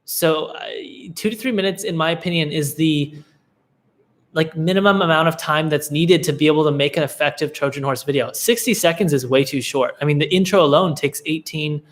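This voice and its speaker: A man's voice: on the high side, moderate pace. Laid-back man answering live questions. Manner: laid-back, relaxed, with many fillers and restarts. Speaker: livestream Q&A host, agency coach. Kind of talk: casual live Q&A advice.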